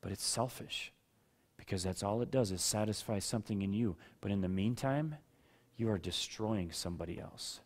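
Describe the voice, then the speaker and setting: A man's voice: on the low side, normal speed. A male pastor and father giving a sermon in a conversational way, asking questions of listeners by name and at times raising his voice for emphasis. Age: adult with children. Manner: conversational preaching, rising to loud rhetorical outbursts.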